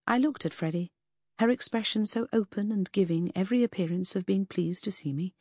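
A woman reading a first-person novel aloud in a measured, even storytelling way. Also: mid-range voice, slightly rough, no room sound, clean studio sound. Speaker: audiobook narrator. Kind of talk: scripted first-person narration.

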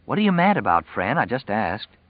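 A man's voice: mid-range voice, sing-song, a little fast, no echo, lo-fi sound. A man voicing a frustrated, defensive young man who pleads and snaps by turns. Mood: irritated. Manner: pleading and exasperated.

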